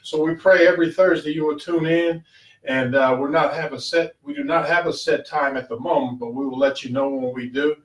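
A man's voice: a little high, steady tone, fairly quick. A male pastor preaching a short sermon, fervent, repeating key phrases with rising emphasis. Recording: echoey room, voice from far off the mic.

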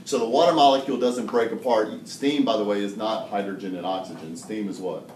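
A man teaching a high school chemistry class, explaining step by step and joking with students. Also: brisk, slight background noise. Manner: joking, animated explainer who laughs often. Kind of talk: classroom lecture. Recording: echoey classroom from far off.

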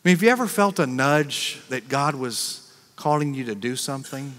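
A man with an American accent, a pastor preaching a sermon in a conversational way, acting out quick reactions and repeating words. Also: medium pitch, animated, a bit bright. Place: church sanctuary. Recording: long reverb of a large church.

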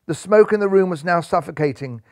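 A man narrating a children's storybook with dramatic, animated delivery. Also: high-pitched, fairly quick, no room sound, clean studio sound.

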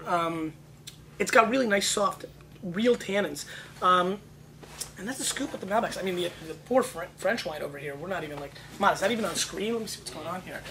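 A man hosting a wine tasting show, talking in excitable, joking, rapid bursts. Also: high voice, a crowd in the background, low-quality recording. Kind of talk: casual wine tasting chat.

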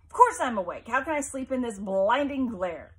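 A woman's voice: medium pitch, expressive, normal speed, slightly rough. A woman voicing a frail, confused, imperious mother who turns plaintive and then suspicious. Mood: fretful.

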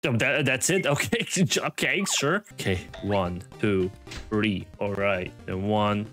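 A young man giving casual gameplay commentary, swearing and getting frustrated, jumping into high yells. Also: slow pace, soft background music. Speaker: gaming video host.

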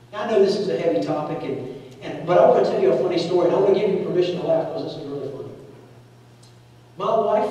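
A man in his forties preaching a sermon and telling a story, acting out the voices of the people in it. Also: high-pitched. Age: 40s. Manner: animated, acts out voices in his stories. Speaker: pastor. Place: church sanctuary. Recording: echoey church hall, mic at a distance.

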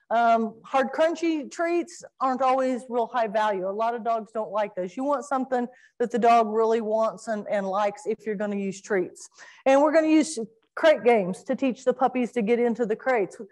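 Lively woman giving a dog training talk. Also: on the high side. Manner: animated, acts out crying puppies and owners.

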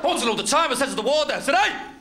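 A man from North West England with a very high, expressive voice speaks very fast in a rambling, self-mocking stand-up routine on a club stage. He's a comedian who often laughs at his own jokes, heard on a noisy old club recording with audience laughter in the background.

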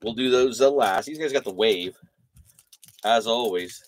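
A man hosting a live trading card break, calling out player names and giving energetic, slangy shout-outs to buyers. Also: mid-range voice, a little slow, slight background noise.

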